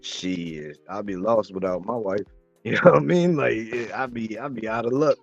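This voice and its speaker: Man, host, relaxed casual talk, lowish voice, faint music behind. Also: normal speed, vocal fry, dull audio. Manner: relaxed, laid-back, says "man" and "you know what I mean" a lot. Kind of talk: casual chat.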